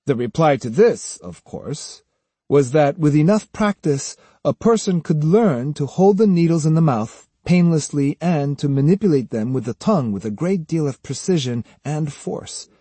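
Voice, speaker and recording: A man reading a novel aloud as audiobook narrator, in a measured, even way, close to the mic. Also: fairly high pitch, breathy edge, no echo. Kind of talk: scripted narration.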